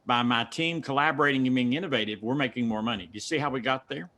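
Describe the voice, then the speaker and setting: A man's voice: mid-range voice, fast talker, bright, forceful tone. Folksy Southern-accented man coaching. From mountains of North Carolina. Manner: folksy, step-by-step instructive, emphatic. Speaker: speaker coach answering questions. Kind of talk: teaching Q&A and personal storytelling.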